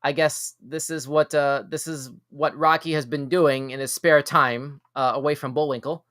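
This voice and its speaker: Chatty host with a dry, close sound. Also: male voice, a little high, no echo. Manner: reads items aloud, then reacts with quick jokes and asides; stumbles and repeats words when excited. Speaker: show host. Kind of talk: live news reaction stream.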